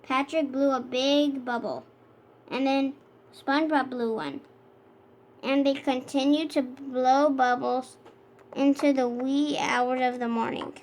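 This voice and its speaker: Woman narrator, high voice, children's read-aloud, steady with small self-corrections. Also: takes it slowly, a little hiss or hum. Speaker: storybook reader.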